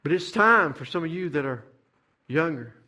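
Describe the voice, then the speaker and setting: Middle-aged male preacher, sermon cadence, high ringing voice. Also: animated, normal speed. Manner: rising to fervent shouted climaxes, repetitive preaching cadence. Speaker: pastor.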